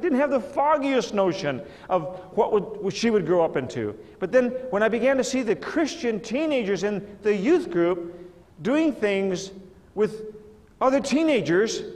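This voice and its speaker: A middle-aged man preaching as an evangelist, telling stories in an animated way with many stammered repetitions. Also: sits high. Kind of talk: storytelling sermon to a live audience. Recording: reverberant hall, live audience.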